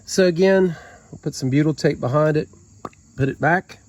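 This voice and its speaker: A man's voice: on the high side, moderate pace, darkish tone. Folksy man with an Appalachian twang. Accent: Southern Appalachian. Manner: folksy, joking, talking to viewers while working with his hands. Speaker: DIY boat-repair vlogger. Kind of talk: casual how-to narration while working. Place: outdoors beside a boat on the ground.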